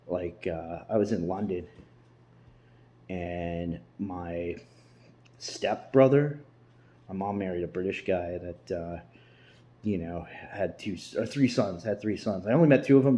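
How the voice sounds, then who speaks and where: A man's voice: low voice, a little slow, dark tone. A man vlogging in a casual, rambling way from an emptied-out house, swearing freely and restarting his sentences. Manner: profane, loose, rambling with restarts.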